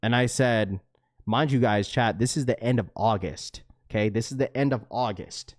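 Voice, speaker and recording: Animated man telling a story on a livestream. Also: mid-range voice, moderate pace. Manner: animated, laughs a lot, swears, says bro constantly. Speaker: livestream host. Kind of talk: casual storytelling to live chat.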